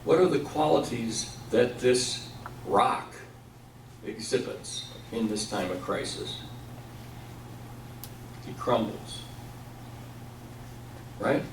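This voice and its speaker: A man's voice: medium pitch, a little hiss or hum. A man giving a Bible study talk in a church, who asks the room questions and then answers them himself. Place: church hall. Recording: echoey room, mic at a distance.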